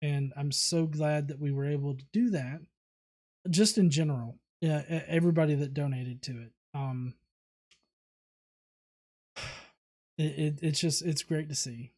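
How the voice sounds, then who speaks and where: A man's voice: fairly high pitch, fairly even intonation, unhurried, long pauses, darkish tone. Casual man reading viewer comments. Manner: casual, many fillers and restarts. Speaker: host.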